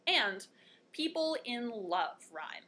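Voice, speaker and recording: Bright, chatty young woman teaching. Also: fairly high pitch, sing-song, slow pace. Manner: chatty, playful, jokes at her own puns. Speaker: host. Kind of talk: one-take video lesson.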